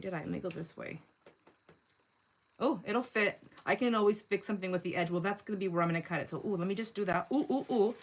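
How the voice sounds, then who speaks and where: A woman in her sixties hosting a crafting livestream, chatting casually and giggling as she narrates each step of her work. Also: medium pitch. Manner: chatty, giggly, thinks aloud while working.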